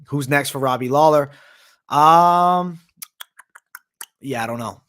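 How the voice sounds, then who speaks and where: An MMA analyst hosting a live stream reads viewer comments aloud and chats loosely, full of slang and swearing, sometimes talking with his mouth full while he eats. His voice is fairly high and bright, and he takes it slowly.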